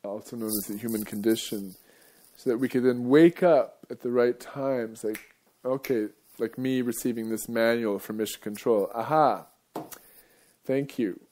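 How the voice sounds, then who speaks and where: A man's voice: medium pitch, steady tone, moderate pace, dark tone. A male radio host talking in a casual, rambling monologue, wandering off topic and chuckling often.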